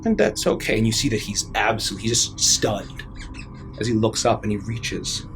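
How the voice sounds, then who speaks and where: A man's voice: fairly low pitch, little pitch movement, normal speed, music in the background. A man narrating as dungeon master, describing scenes vividly with frequent fillers. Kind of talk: narrating a tabletop game.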